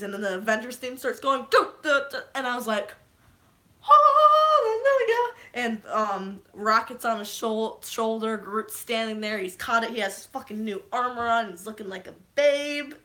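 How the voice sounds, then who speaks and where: Bright, excitable young woman vlogger. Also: fairly high pitch. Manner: rambling, swears freely, bursts into shouts. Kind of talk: excited movie recap on a live stream.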